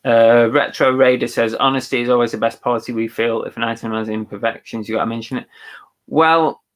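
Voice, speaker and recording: A chatty man co-hosts a casual livestream and reads viewer comments aloud. His voice sits at a middling pitch for a man. He thinks aloud, agrees easily and restarts his sentences as he goes. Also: fairly bright tone. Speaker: co-host of a live reselling show. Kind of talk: casual live-stream chat, reading viewer comments.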